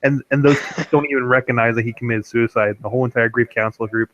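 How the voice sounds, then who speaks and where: Fast-talking man, dull lo-fi sound. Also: medium pitch, steady tone, a bit bright. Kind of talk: casual movie review chat.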